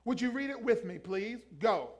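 A man's voice: very high-pitched, expressive, normal speed. A man preaching a sermon as pastor, emphatically urging the congregation to repeat lines after him. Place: church.

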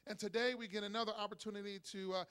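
A middle-aged man preaching a sermon as pastor, energetic and calling on the congregation to respond. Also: high voice, rapid-fire, clean tone. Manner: acts out voices in a joke with rising excitement. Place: church.

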